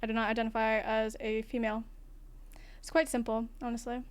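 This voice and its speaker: A non-binary streamer with a feminine-sounding voice, talking frankly in a casual livestream chat, swearing now and then and laughing often. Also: female voice, on the high side, level tone, fairly quick, smooth. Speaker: livestream host.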